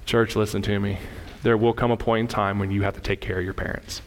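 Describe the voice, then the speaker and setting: A man in his thirties delivers a sermon, talking straight to his congregation. He tells family stories with animated energy, his voice climbing higher and louder. A long church-hall reverb trails each phrase. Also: fast, hardly any pauses. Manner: animated storytelling, rising loud and high in anecdotes. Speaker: pastor. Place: church sanctuary.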